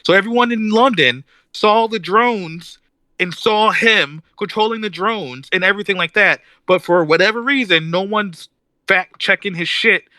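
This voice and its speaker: A man co-hosting a podcast in casual chat, ranting with animated energy and mimicking characters as he tells a story. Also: high-pitched, moderate pace, no echo. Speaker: podcast co-host.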